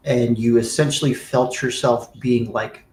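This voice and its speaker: A man's voice: medium pitch, steady tone, a little slow, darkish tone, roomy sound, rough recording. A man narrating a tabletop game as game master, loose and full of fillers.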